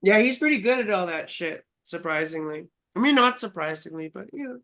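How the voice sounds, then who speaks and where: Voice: mid-range voice, expressive, a little fast, sharp tone. An astrologer co-hosting a live stream, talking in a casual, teasing way, swearing freely and calling people sweetheart. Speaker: astrologer co-host.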